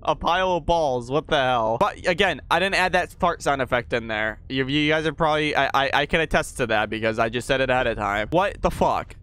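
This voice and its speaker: A young male gaming YouTuber plays a horror game, swearing often, jumping at noises, and muttering to himself as he goes. His mid-range voice is smooth and a bit bright, and he talks briskly with few pauses.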